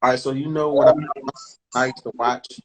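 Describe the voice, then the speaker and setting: A man in his forties hosting a casual interview over a video call, speaking haltingly with many restarts and fillers. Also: mid-range voice, fairly even intonation, background noise. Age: 40s. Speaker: interview host.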